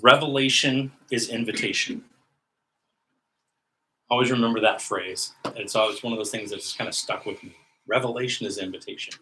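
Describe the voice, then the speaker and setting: A man's voice: lowish voice, steady tone, fast, a bit bright, a little hiss or hum, poor audio. A man giving an earnest teaching sermon on prayer, often repeating phrases and restarting his sentences.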